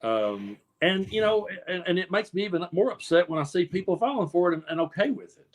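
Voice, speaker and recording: A man's voice: high voice, sing-song, fairly quick. Earnest rambling Southern man. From Appalachian South, US. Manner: rambling, repeats words, earnest. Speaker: co-host. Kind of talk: casual political chat.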